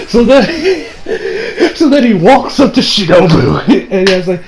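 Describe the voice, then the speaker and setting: A man's voice: high voice, animated, slow pace, crowd noise, rough recording. Rambling, swearing man reviewing an anime. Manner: rambling, swears, frequent restarts and fillers. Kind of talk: casual solo review.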